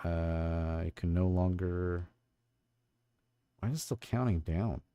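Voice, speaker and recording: A man's voice: deep voice, slow pace, mellow, clear, resonant tone, no room sound, muffled recording. A man hosting a casual livestream, rambling and thinking aloud as he fiddles with his stream tools. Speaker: livestream host and voice actor. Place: home studio.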